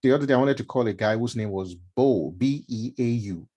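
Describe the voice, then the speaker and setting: A middle-aged man from Nigeria, mid-range and mellow in voice, talks a little fast. In a casual mentorship session for a live stream audience, he chats freely, repeating words and filling gaps with fillers.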